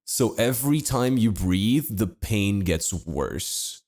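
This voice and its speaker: Deep-voiced man telling a wry story. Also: takes it slowly. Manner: deadpan, laid-back storytelling with wry asides. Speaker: podcast co-host. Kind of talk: casual comedic storytelling.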